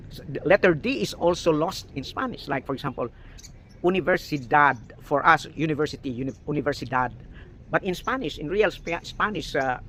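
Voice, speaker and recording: Filipino guy explaining martial arts stuff, bright voice, bit higher pitched, faint noise behind. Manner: explanatory, repeats words, frequent "okay?". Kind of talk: casual tutorial talk.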